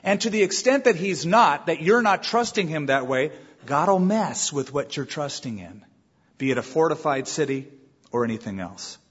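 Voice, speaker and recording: A man preaching a sermon as pastor, animated, with acted asides. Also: on the high side, moderate pace, husky. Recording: dull reverberant church recording.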